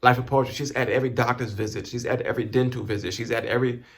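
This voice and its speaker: A man with a rough, gravelly edge to his voice talks straight to camera. He stops and restarts often and repeats words as he works through strong feeling. He sounds close to tears, his pitch sitting in the middle range. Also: fairly even intonation, racing. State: emotional, near tears. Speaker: vlogger giving thanks. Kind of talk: emotional personal talk to camera.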